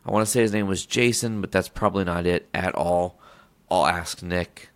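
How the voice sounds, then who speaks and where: A man's voice: deep voice, moderate pace, clean tone. A man hosting a podcast, telling a long casual story in a rambling, profane way, often breaking off mid-sentence to restart. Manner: rambling, profane, self-interrupting. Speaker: podcast host.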